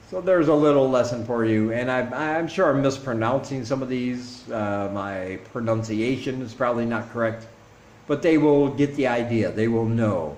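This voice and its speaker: A man vlogging casually, teaching travel phrases slowly and deliberately, repeating each one several times. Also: medium pitch, darkish tone. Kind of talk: casual instructional vlog. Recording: echoey room with faint traffic noise.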